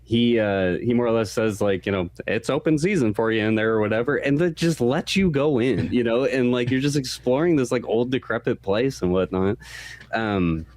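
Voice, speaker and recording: A man's voice: mid-range voice, normal speed, darkish tone. A male podcast co-host in a casual game discussion, rambling and profane, packed with fillers.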